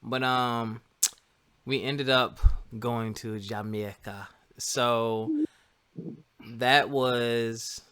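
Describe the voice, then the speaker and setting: A man's voice: lowish voice, bright, forceful tone, clear, resonant tone. A man hosting a podcast, telling a laid-back story in casual chat and joking at himself. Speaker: podcast host.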